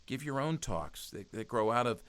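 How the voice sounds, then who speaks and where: A man's voice: medium pitch, animated, moderate pace, fairly bright tone. A man speaking as a guest in a conversational interview, earnest and exhortative, often restarting his sentences. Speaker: podcast guest, youth ministry speaker.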